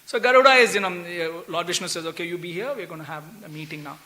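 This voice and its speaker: In a temple hall, a man gives a scripture class as a sermon, telling a story and acting out its characters while peppering his talk with "you know" and "right?" His voice is high, fast, pushed and bright.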